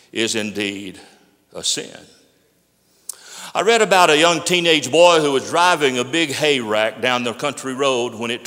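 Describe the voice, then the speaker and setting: A man preaching a sermon as pastor, telling stories and quoting with emphatic rises, then dropping low and quiet for solemn points. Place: church sanctuary. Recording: echoey sanctuary with long reverb.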